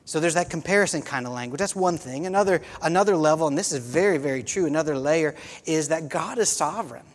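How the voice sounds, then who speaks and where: A man's voice: on the high side, fast. A man preaching a sermon as a pastor, conversational, often restarting phrases and saying "you know.". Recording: long hall reverb.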